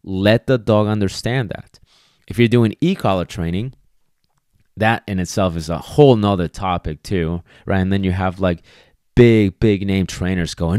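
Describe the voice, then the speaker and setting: A man's voice: deep voice, moderate pace, darkish tone, no echo, clean studio sound. A man hosting a casual solo podcast as a dog trainer, talking emphatically and conversationally, often checking in with "okay" and "right". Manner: acts out quoted voices of people and dogs.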